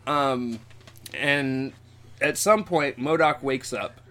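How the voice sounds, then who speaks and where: A man casually retelling a cartoon episode, quoting the characters as he goes. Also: medium pitch. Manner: quick, animated retelling with quoted lines. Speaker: podcast co-host recapping a cartoon. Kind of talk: casual chat, retelling a plot.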